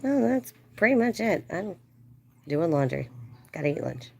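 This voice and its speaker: A woman hosting a livestream, telling a casual story in a chatty way and acting out quoted voices in a higher, playful tone. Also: very animated, normal speed, creaky, mellow. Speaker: livestream host.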